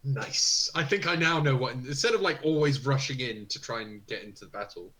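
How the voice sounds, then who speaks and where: Man, tabletop game player, stammering and self-mocking, bright tone. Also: mid-range voice, a little fast, rough recording. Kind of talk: casual tabletop game chat.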